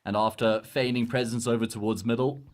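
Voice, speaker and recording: A man with a South African accent doing live esports commentary, breaking down plays in a measured, analytical way. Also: medium pitch, fairly even intonation.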